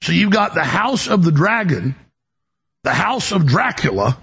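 A man's voice: on the high side, big pitch swings, unhurried, fairly bright tone, husky. A male talk show host delivering an emphatic, rambling political monologue, often repeating words as he goes.

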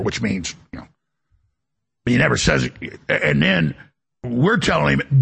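Gravelly raspy man ranting on air. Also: medium pitch, animated, measured pace, pauses often, fairly bright tone. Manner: emphatic, boastful, jumps between topics. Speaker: talk show host. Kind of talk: rambling radio talk show monologue.

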